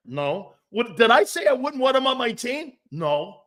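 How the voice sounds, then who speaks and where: A man hosting a casual sports talk show, blunt and animated, swearing freely. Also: very high voice, a little slow, hardly any pauses.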